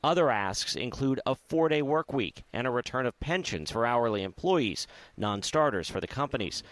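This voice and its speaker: A man narrating a televised news report in a steady, measured delivery. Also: mid-range voice, no echo.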